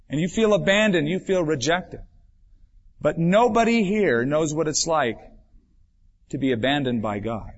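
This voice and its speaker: A man preaching from the pulpit, his voice swelling with emphasis and then falling away to a hush. It sits a little higher than most men's voices. The old recording sounds dull and muffled, like a church tape from the nineties. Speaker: pastor. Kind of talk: sermon.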